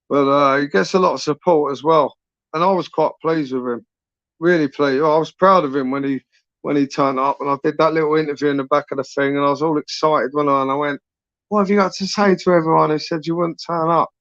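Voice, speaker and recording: A man hosts his channel in a loose, rambling live chat, peppering his talk with swearing and "innit". His voice sits a touch high. The sound is dry and a little dull, with no room around it. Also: a bit bright, no room sound. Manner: rambling, sweary, frequent tag questions. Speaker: YouTube channel host. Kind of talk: casual live-stream chat.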